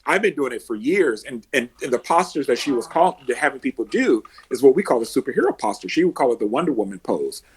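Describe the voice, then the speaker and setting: A man talks as an emotional success coach on a podcast, explaining his methods through stories. His voice is slightly husky and sits at an ordinary pitch. He acts out the people he coaches and the bold voices he teaches them to use. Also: quick pace, hardly any pauses. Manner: animated storyteller, acts out quotes and heroic laughs.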